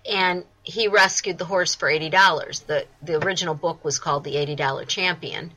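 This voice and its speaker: Bright-voiced woman, enthusiastic festival founder. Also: lowish voice, fairly even intonation, brisk, rough recording. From United States. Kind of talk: interview guest.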